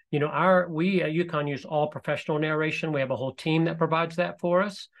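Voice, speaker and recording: Man giving a relaxed software demo. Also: a little high. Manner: relaxed, explanatory, with frequent fillers. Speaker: presenter demonstrating e-learning software. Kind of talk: live webinar software demo.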